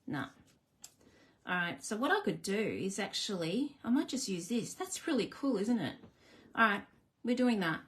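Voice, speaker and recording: Very animated and a bit bright, this woman's mid-range voice moves at a moderate pace. She's hosting a live card-making stream, talking casually with viewers and teasing herself as she crafts.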